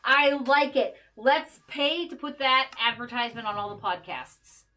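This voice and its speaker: A woman's voice: a little high, a little slow, bright, forceful tone. A woman streaming a game and chatting casually with her viewers, joking as she plays. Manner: chatty, joking asides to chat. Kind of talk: casual gameplay livestream chat.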